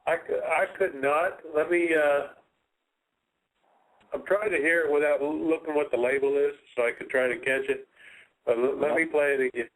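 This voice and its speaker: A man's voice: a little high, steady tone, moderate pace, rough recording. A man hosting a radio show, giving short easygoing reactions and cueing up clips. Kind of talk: casual radio chat.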